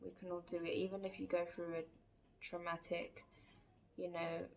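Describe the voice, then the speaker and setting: Woman, casual vlog storytelling, chatty with lots of fillers, slightly low voice, faint background noise. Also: flat delivery, moderate pace, creaky. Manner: chatty, many fillers and acted quotes. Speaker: vlogger.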